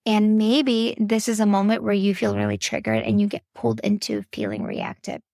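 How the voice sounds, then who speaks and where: A woman's voice: medium pitch, lively intonation, normal speed, gravelly, darkish tone, no room sound, clean studio sound. A woman podcast host and parenting coach giving earnest, faith-based coaching talk straight to the listener. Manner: earnest, instructive, addresses listener directly.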